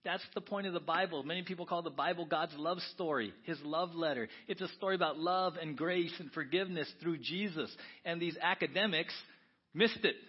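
A male pastor preaching a sermon, animated, swinging between soft asides and loud exclamations. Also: fairly high pitch, a little fast, breathy edge, dull audio.

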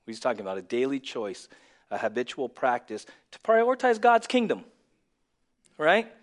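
A male pastor preaching a sermon, dropping to a near whisper and then rising to loud, emphatic lines. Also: medium pitch, wildly swooping pitch, normal speed. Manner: swings from hushed to loud and emphatic.

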